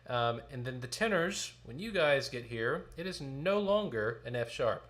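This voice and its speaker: Slow-talking choir director man. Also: medium pitch, animated, fairly bright tone. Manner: counts in, sings short phrases, explains notes patiently. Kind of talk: recorded choir sectional rehearsal.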